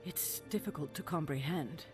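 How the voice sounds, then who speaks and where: A wise older mentor from a video game, voiced by a woman, thoughtful and caring as she talks. Soft music plays behind her. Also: sits low, normal speed, lightly acted. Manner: warm-hearted, thoughtful.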